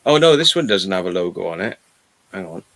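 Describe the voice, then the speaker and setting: A man's voice: low voice, big pitch swings, brisk, a bit bright. A man in casual chat, telling rambling stories and swearing freely.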